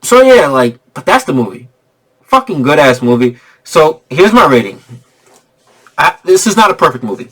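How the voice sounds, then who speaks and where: A young man giving an excitable, slangy spoiler review of a movie, repeating himself for emphasis. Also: medium pitch, moderate pace.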